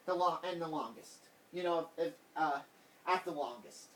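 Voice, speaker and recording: A man's voice: fairly high pitch, normal speed, fairly bright tone. A man vlogging a heated, rambling political rant, repeating himself as he talks. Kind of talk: casual political rant to camera. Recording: voice distant from the mic.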